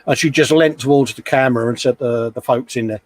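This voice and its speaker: A man's voice: medium pitch, steady tone, a little fast, dry recording. Chatty self-mocking man. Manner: chatty, self-mocking, frequent laughs and asides. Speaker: livestream host. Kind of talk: casual live chat while hobby modelling. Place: home hobby workshop. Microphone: desk microphone.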